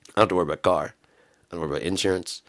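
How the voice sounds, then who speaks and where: A man vlogging, telling a casual story with lively laughs and playing both sides of a chat. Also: low-pitched, racing. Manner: animated, laughs often, acts out both sides of a conversation.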